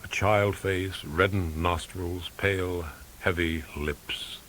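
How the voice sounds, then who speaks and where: A man reading a first-person novel aloud in a dry, measured, wry way. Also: sits low, steady tone, fairly bright tone. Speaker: audiobook reader. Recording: faint tape hiss.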